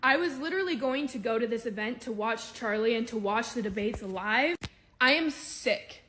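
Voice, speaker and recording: Furious, high-pitched woman. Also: expressive, moderate pace, fairly bright tone, a little hiss or hum. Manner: furious, swearing, shaky. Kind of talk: enraged reaction video.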